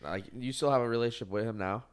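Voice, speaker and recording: A man's voice: medium pitch, quick pace, clean tone. A male podcast host asking questions in a laid-back way, with lots of short agreements. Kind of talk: casual podcast interview.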